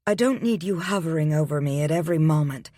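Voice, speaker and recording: A man's voice: a little high, fast, dry recording, studio quality, voice pushed up, lightly acted. A male audiobook reader voicing a stubborn, indignant young pregnant woman who talks back sharply. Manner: sharp and defiant.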